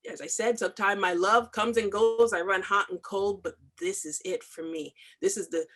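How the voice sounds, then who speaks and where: A woman's voice: mid-range voice, fairly even intonation, moderate pace, a bit bright. A middle-aged woman, a comics artist, talking in an interview with impassioned, emphatic stress and repeated phrases. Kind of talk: video call interview.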